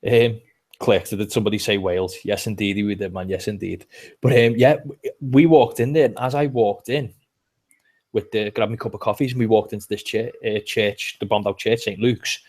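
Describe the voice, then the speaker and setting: A man's voice: lowish voice, fairly even intonation, normal speed, darkish tone. A man with a Liverpool accent, co-hosting a casual chat and telling rambling stories with lots of restarts. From England. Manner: chatty storyteller, rambling with restarts. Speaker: podcast co-host.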